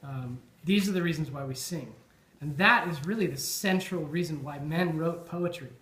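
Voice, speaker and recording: A man's voice: on the high side, moderate pace, fairly bright tone. A man giving an informal after-dinner toast, thoughtful and full of ums and restarts. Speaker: toast speaker at a Burns supper. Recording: echoey dining hall.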